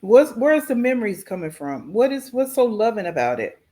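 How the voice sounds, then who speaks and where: A woman hosting a reaction channel, giving blunt, emphatic commentary as she pauses a clip. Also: a little high, sing-song, warm tone.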